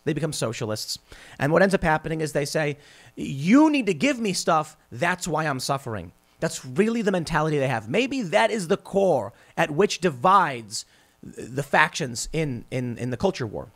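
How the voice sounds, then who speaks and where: A male podcast host with a slightly high-pitched voice talks through political commentary in an animated, sarcastic way. He stumbles over his own words, repeating them and restarting sentences as he goes. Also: moderate pace. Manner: animated, sarcastic, mocks opponents in put-on voices.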